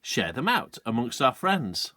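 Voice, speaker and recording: A man voicing a proud, calm father who is an old hand at poaching. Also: mid-range voice, measured pace. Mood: generous.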